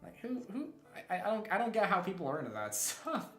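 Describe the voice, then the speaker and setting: A man's voice: high-pitched, very animated, quick pace, soft background music. A young man streaming a game, chatting casually and rambling with many restarts and chuckles. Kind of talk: casual live-stream chat while gaming. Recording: roomy echo.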